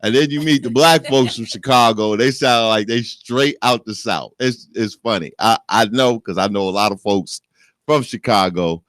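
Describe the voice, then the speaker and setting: A man's voice: medium pitch, normal speed, a bit bright, no echo, studio quality. A middle-aged man hosting a radio show, bantering in a joking, profane way. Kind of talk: casual radio chat. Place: radio studio.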